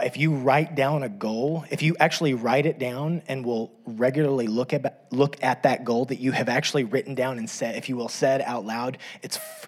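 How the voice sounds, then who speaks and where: A man's voice: medium pitch, slightly rough. A middle-aged man preaching a sermon in a conversational way, with frequent asides to the congregation and self-deprecating humor. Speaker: pastor.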